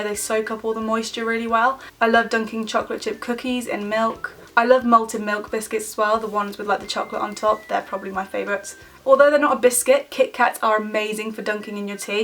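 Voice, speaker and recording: A woman's voice: on the high side, fairly bright tone. A young woman with a British accent chatting casually through a question tag for her vlog, giggly and talkative with lots of fillers. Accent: British English. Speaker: vlogger. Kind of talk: casual chat answering a tag video.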